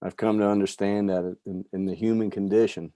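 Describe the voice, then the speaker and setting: A middle-aged man from New York giving a candid personal recovery talk, telling stories with soft asides. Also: on the low side, little pitch movement, fairly quick, dry recording. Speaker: recovery speaker.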